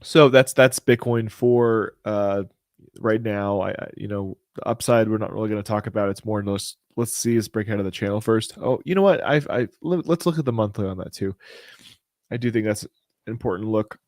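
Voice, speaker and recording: A man's voice: on the low side, normal speed, a little mellow, no room sound, studio quality. A man hosting a casual crypto show, talking through price charts in a rambling, chatty way with lots of fillers and restarts. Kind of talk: casual live chart commentary.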